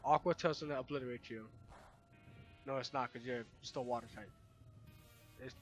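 A young man commentating his own video game playthrough with loud, exasperated outbursts and slangy talk. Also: medium pitch, fairly even intonation, normal speed, pauses often, soft background music. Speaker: let's play host. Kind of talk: gaming commentary.

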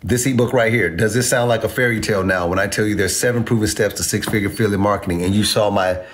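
A man's voice: fairly low pitch, steady tone, fast, a little hiss or hum. A man teaching online marketing in a casual livestream, brash and profane, talking to his viewers with swagger. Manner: addresses viewers as y'all.

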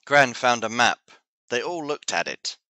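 Slow, clear man reading a storybook. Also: medium pitch, lively intonation, pushed and bright, no room sound. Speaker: English teacher. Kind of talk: children's storybook read-aloud.

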